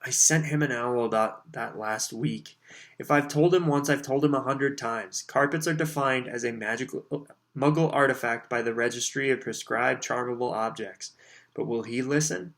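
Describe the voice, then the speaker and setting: A man's voice: medium pitch, normal speed, close to an everyday voice. A man doing a mild, hesitant father. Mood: exasperated. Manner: hesitant and gentle. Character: mild, tentative middle-aged father.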